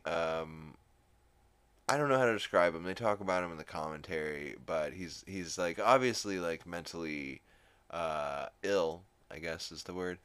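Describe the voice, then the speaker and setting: A man's voice: low voice, a bit bright, clean tone, no echo. A man hosting a podcast, casually recapping a cartoon episode with lots of fillers and swearing. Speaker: podcast host.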